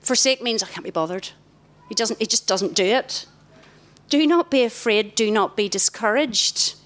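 A middle-aged woman, giving a lively, direct sermon to a tent of girls. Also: fairly high pitch, moderate pace. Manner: lively, direct, warmly emphatic. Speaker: youth speaker. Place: large tent.

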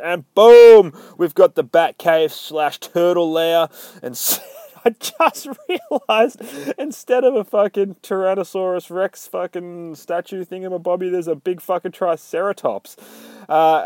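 A man's voice: high voice, a little mellow, dry recording. A young man casually recapping a comic book issue in a rambling, heavily profane way.

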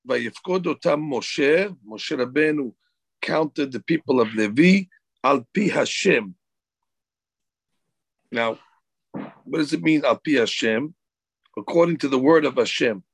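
A man's voice: mid-range voice, expressive, takes it slowly, vocal fry, long pauses, husky, no echo, low-quality recording. A man, a rabbi, teaching a Torah class, reading Hebrew verses and explaining them in English.

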